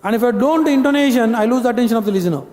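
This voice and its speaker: A man's voice: very high voice, racing, darkish tone. A man with an Indian English accent leading a live communication-skills training and quizzing his audience. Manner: instructive, addresses the audience with questions. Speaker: corporate trainer. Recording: long hall reverb.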